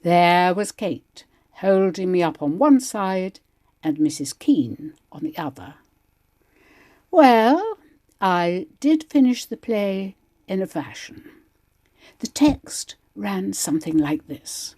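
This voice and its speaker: A woman, an amateur actor, giving a lively dramatic reading of a first-person stage memoir. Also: mid-range voice, slow. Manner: lively, animated storytelling. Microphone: home recording.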